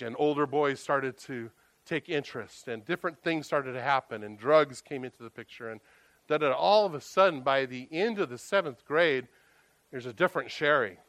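A man preaching a sermon, telling stories in a conversational, animated way. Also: medium pitch, dry recording. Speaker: pastor.

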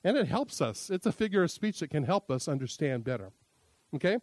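A man's voice: fairly high pitch, very animated, a little fast, darkish tone, dry recording. A middle-aged male pastor teaching a sermon in a conversational, jokey way, acting out quoted lines. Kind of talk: sermon teaching on interpreting scripture.

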